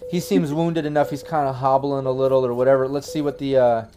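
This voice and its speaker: A man's voice: medium pitch, flat delivery, fast, mellow, a little hiss or hum. A man narrating as game master, rambling along with many fillers and restarts.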